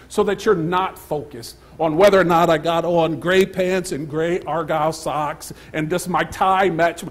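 Husky guy preaching a slow sermon in church, drops to near whispers then gets loud. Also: a little high. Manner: swings from hushed whispers to loud emphatic calls. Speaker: pastor. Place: church sanctuary.

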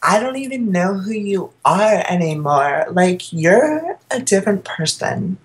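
A woman's voice: medium pitch, lively intonation, a little slow. A woman teasing her friend during a casual gaming chat, sassy and crude, breaking into sing-song bits.

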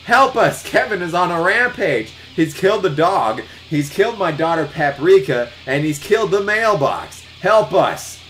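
A man's voice: fairly high pitch, lively intonation, fairly quick, few pauses, faint music behind, close to an everyday voice, poor audio. A man voicing a frantic female pepper shaker who screeches in panic. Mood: panicked.

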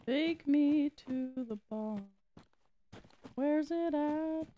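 Woman game streamer: high-pitched, playful and giggly, easygoing and slow. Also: mellow. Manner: giggly, playful, chats with viewers. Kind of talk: casual gaming commentary.

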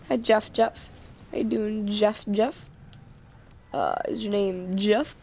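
Slow, gravelly woman streaming a game. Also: medium pitch, steady tone, darkish tone. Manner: rambling and joking, trails off mid-sentence. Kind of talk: casual live-stream commentary.

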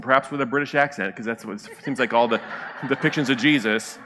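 The sermon comes from a male pastor whose medium-pitched voice is bright and forceful, echoing with a long reverb around the church sanctuary. He speaks loosely, as if in conversation, and often pauses to ask the congregation a quick question.

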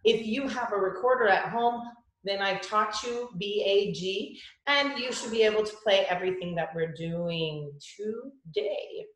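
A woman music teacher giving a children's lesson, with slow, clear, patient instructions. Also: medium pitch, fairly bright tone, roomy sound.

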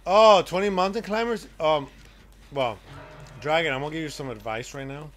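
A man live-streaming a game, chatting casually with his viewers and reacting loudly to the action. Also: a little high, normal speed.

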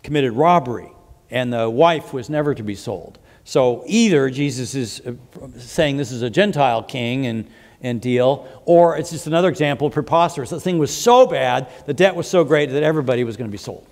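A man's voice: mid-range voice, lively intonation, brisk, darkish tone. A male pastor preaching a sermon, explaining scripture with asides and frequent restarts. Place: church sanctuary. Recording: long hall reverb.

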